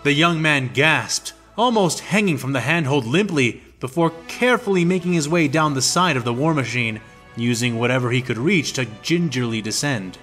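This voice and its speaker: Man narrating a fan fiction audiobook. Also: mid-range voice. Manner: steady descriptive storytelling.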